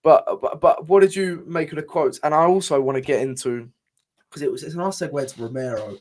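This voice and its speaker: His voice is a little high, a little fast, and a little mellow. He's a young co-host in a laid-back podcast chat, speaking heatedly and with frustration, dropping plenty of swear words and frequently restarting what he says.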